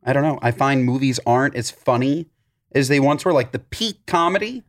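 A man's voice: medium pitch, animated, fairly quick. Blunt offhand man on a podcast. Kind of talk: casual chat.

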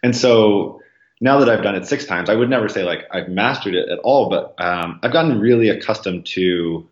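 A man talking as a podcast guest, rambling casually with lots of ums and likes, acting out quoted voices. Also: normal speed. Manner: acts out quoted voices with jumps in pitch. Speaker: podcast guest, marathon runner. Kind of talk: casual interview conversation. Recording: roomy, slightly dull sound.

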